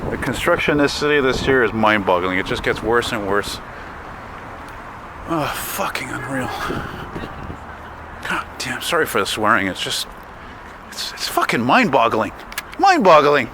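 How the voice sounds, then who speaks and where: A man's voice: mid-range voice, animated, normal speed, long pauses. A man, walking city streets and talking casually to his camera, grumbling and swearing as he goes. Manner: profane, grumbling, chatty. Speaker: vlogger. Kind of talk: casual walking vlog commentary. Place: city streets outdoors, windy. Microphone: handheld camera mic while walking. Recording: outdoor street noise and wind. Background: street traffic and wind.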